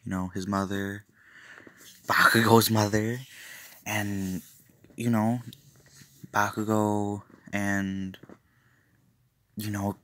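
A young man narrates a fan story off the cuff, his voice sitting low yet sounding bright and forceful. He rambles along with plenty of fillers and throws in joking asides. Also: little pitch movement, very slow, pauses often. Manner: rambling, loose, lots of fillers and self-interruptions, jokey asides.

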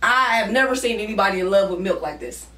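A woman's voice: mid-range voice, lively intonation, fast talker, fairly bright tone. A woman co-hosting a couple's vlog, chatting casually and teasing her partner while talking to the viewers. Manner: playful, teasing, talks to viewers as y'all. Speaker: co-host of a couple's channel. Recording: echoey room, mic at a distance.

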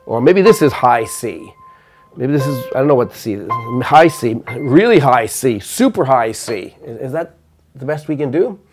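An older man giving a measured, explanatory math lecture, counting notes aloud while playing piano. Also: medium pitch, very animated.

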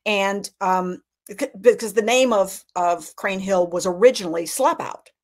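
As a guest in a casual chat, a middle-aged woman from Alabama shares family stories animatedly, frequently restarting what she's saying. Her voice is mid-range and her pace a little slow.

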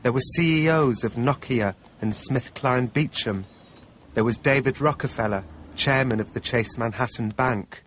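A man of middle pitch narrates a documentary in the first person, measured and wry. Faint ambient noise hums underneath. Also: a bit bright.

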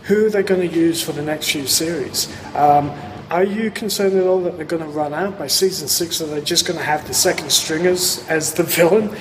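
A man's voice: fairly high pitch, normal speed, noisy background. Tired Australian man's video question. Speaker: viewer sending a video question. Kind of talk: casual recorded video message.

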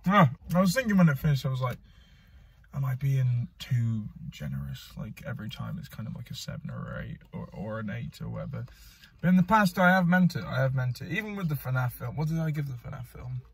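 Easygoing husky man thinking aloud. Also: mid-range voice, very animated, a little fast, no room sound. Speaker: film review co-host. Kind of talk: casual film review chat.

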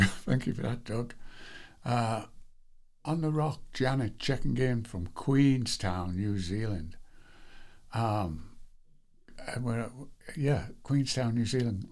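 A man's voice: mid-range voice, a little slow. A man hosting a live devotional stream, chatting casually and greeting viewers one by one, rambling a little with fillers. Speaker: devotional livestream host.

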